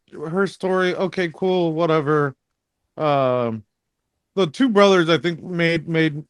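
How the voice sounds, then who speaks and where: A man's voice: a little high, dry recording, clean studio sound. A man co-hosting a podcast, giving offhand, hesitant opinions about a movie in casual chat. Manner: offhand, hesitant, many ums and whatevers. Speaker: podcast co-host.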